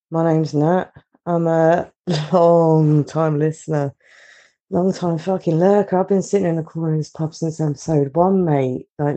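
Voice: mid-range voice, mellow. A listener leaving a recorded message for a podcast, nervous, sweary and rambling. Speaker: listener calling in.

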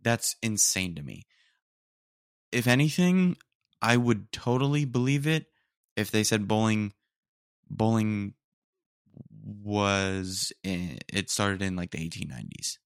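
A man's voice: lowish voice, lively intonation, slow pace, long pauses, clear, resonant tone, no room sound, clean studio sound. A young man hosting a casual solo podcast, rambling in slangy, mock-indignant asides and saying "dude" again and again. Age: young adult. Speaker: podcast host. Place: room at home, roommates nearby.

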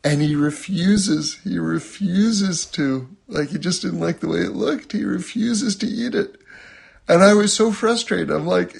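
A man teaching a religious lesson, telling a personal story and acting out quotes in a much higher voice, often checking in with "okay?". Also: unhurried, vocal fry, slightly rough. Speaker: Torah teacher.

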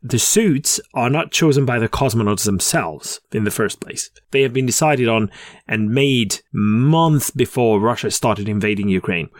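Jokey male podcast co-host, mid-pitched, dry close sound. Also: unhurried, no room sound. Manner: chatty, jokey, laughs at own puns. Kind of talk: casual chat.

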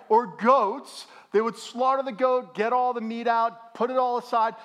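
A middle-aged man preaching a sermon as a pastor in a church, animated and joking with the congregation. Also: sits high.

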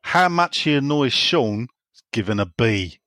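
A man's voice: medium pitch, animated, measured pace, fairly bright tone, no echo. A man co-hosting a casual podcast, reading out listener messages and laughing along. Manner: playful, reads listener questions with laughs. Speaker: podcast co-host. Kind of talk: casual chat.

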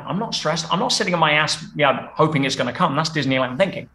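A man's voice: fairly high pitch, fast, pushed and bright, roomy sound. A man speaking as a guest coach in a podcast interview, emphatic and full of rhetorical questions.

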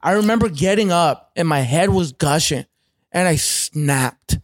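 Man from Canada, high-pitched, dry close sound, swearing a lot, animated storyteller. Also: unhurried, dry recording. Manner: profane, animated, acts out other people's voices. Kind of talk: casual storytelling.

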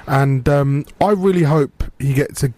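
A man's voice: on the high side, a little slow, dark tone, no echo. Radio host, male, easygoing studio chat, dry close mic.

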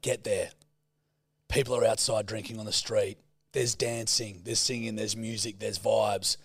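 A young Australian man hosting a podcast who tells travel yarns in a casual, sweary, animated way. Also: fairly low pitch, a little slow, no room sound, clean studio sound. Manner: sweary, animated yarn-spinning. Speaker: podcast host. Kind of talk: casual storytelling chat.

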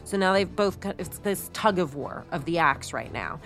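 A woman's voice: on the low side, animated, moderate pace, fairly bright tone, faint music behind. A woman co-hosting a podcast, telling a true-crime story in a chatty, casual way with many fillers. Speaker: podcast co-host.

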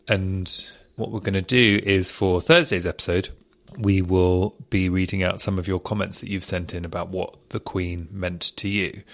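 A man's voice: sits low, creaky, a bit bright. A man hosting his podcast, a little out of breath, chatting in a rambling, casual way from a small garden office. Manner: chatty and rambling, with fillers and sighs. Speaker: podcast host. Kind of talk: casual bonus episode chat.

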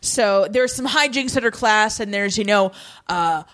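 A woman casually recapping a TV episode, telling the story in a lively way, acting out lines in playful voices, laughing and swearing now and then. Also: mid-range voice, a little slow. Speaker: podcast co-host recapping a TV episode. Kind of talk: casual chat.

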